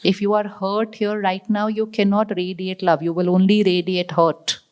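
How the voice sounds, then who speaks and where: A woman's voice: mid-range voice, little pitch movement, darkish tone, clear, resonant tone. Woman giving a motivational talk. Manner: repeats lines, asks the audience questions, slows for emphasis. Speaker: spiritual teacher.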